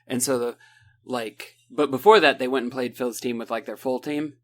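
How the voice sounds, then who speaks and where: A man with a lilt talks through a book plot in loose, casual podcast style. He rambles and piles on sarcasm, slipping into short impressions of the characters, all at an average pitch. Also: steady tone. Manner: rambling, sarcastic, acts out characters in quick asides. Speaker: podcast co-host.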